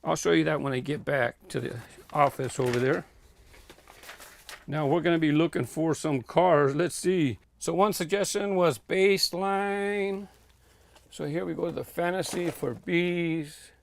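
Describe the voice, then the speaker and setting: A man with a slightly high, gravelly voice talks casually as he wanders his home warehouse, pausing often with fillers as he thinks aloud. He rambles from shelf to shelf, a little short of breath. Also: slight background noise. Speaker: toy car collector vlogger. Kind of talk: casual walk-through vlog.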